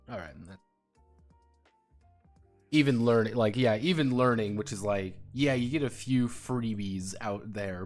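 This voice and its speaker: A man chatting casually on his stream, swearing freely and laughing hard while he tells stories. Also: on the low side. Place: home streaming setup.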